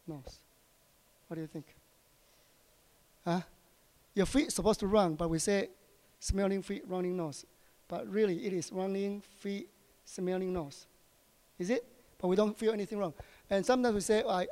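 Guy preaching, high voice, lots of uh and right?, long echo. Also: darkish tone. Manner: asks the congregation short questions, halting with many fillers. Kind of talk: sermon. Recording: long hall reverb.

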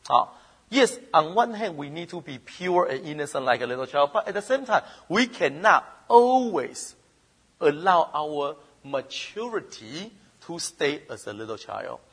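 A middle-aged man with preaching a sermon, swinging between loud emphasis and soft asides. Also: big pitch swings, a little slow, breathy edge. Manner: mimics whining child voices in falsetto. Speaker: pastor.

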